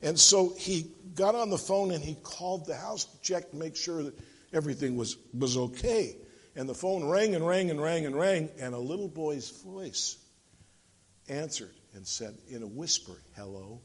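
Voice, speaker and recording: A man preaches to a congregation with a rather high, husky voice. He leads into scripture through playful stories and acts out the characters as he goes. A long hall reverb trails every phrase. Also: moderate pace. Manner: jokey storyteller, acting out voices in the tales. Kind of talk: sermon with told stories. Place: church sanctuary.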